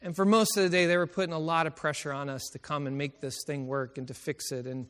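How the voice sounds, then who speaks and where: A middle-aged male preacher tells personal stories in a sermon at a college chapel, emotional and laughing often. His fast voice is fairly high, fairly bright, and fairly even in intonation, with long chapel reverb in the recording.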